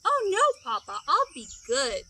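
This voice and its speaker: A woman voicing an excited little red chicken girl in a read-aloud picture book, eager and pleading. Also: high-pitched, measured pace, full character voice.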